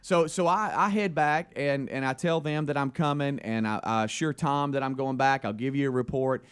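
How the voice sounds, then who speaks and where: A man with a Southern US accent co-hosts a radio show, rambling through a story in casual on-air talk and acting out the phone calls in it. His mid-range voice is clear and resonant, at a normal speed, in a radio studio.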